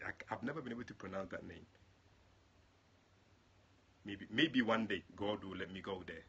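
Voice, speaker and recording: A male prophet and pastor praying and then chatting affectionately with his online viewers, greeting them by name and jumping into high exclamations. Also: quick pace, sharp tone, slight background noise. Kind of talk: livestream prayer and chat with viewers.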